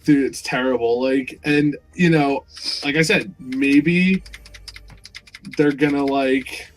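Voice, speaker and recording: A man hosting a casual podcast, excitable and swearing freely, laughing often. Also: medium pitch, slow, faint music behind. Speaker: podcast host. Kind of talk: casual chat.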